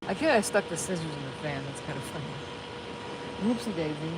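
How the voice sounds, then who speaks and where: A woman with a lowish voice hosts a casual live vlog, rambling and joking at her own expense. She speaks into a phone outdoors by her truck, with steady fan and vehicle noise clearly heard behind her. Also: a little fast. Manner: rambling, chatty and self-joking. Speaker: channel host. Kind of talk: casual livestream chat. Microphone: phone camera.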